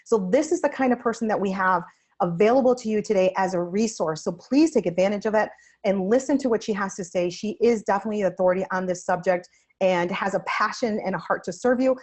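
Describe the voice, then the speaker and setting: A woman's voice: mid-range voice, quick pace, a little mellow. A woman hosting a webinar interview, effusive and upbeat as she introduces and praises her guest. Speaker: webinar host.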